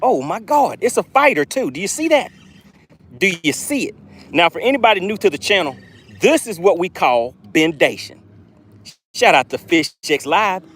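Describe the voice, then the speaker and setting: A man hosting a live fishing stream from a boat, excitedly talking to his viewers and reading their chat aloud. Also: high voice, slightly rough. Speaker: fishing channel host. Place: on a boat on open water. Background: jet skis and outdoor ambience.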